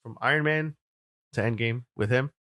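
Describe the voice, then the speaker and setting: A man co-hosting a podcast in a casual chat, making quick joking remarks that often trail off. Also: medium pitch, a bit bright. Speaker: podcast co-host.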